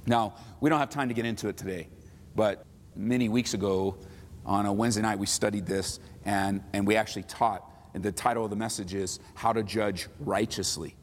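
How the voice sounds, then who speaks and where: A man preaching a sermon as a pastor, lively and acting out mocking voices of others. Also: lowish voice, a little fast, in a large hall, slight background noise.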